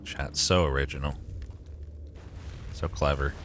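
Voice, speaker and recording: A man's voice: extremely low pitch, steady tone, measured pace, fairly bright tone, slight background noise. A young man streaming a game live, chatting with his viewers, swearing often and joking sarcastically.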